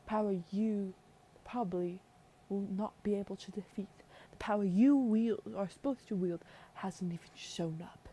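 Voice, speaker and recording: A woman voicing a proud, scornful queen mother with a put-on British accent in a soft whispered role-play. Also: medium pitch, normal speed, hardly any pauses, breathy edge, close to an everyday voice. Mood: stern. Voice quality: imperious, scornful.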